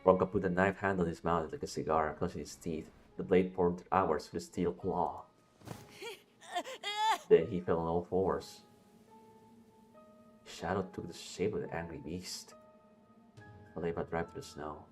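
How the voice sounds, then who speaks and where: Deep-voiced male game streamer. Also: steady tone, moderate pace, pauses often. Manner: swears and jokes at the characters. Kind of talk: casual game commentary reading story text aloud. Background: game music.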